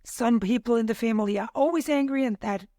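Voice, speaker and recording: Sharing personal experiences on a podcast, an Austrian woman who grew up speaking German talks fast in a slightly high voice with a dark tone. She's thoughtful yet hesitant, using lots of fillers. The recording is studio quality, with no echo.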